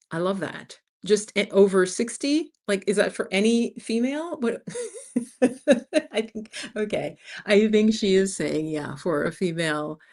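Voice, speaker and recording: Frank, chatty New York woman in her fifties. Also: lowish voice. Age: 50s. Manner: chatty and frank, keeps addressing viewers as "you guys". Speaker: channel host. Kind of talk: casual livestream chat answering viewers.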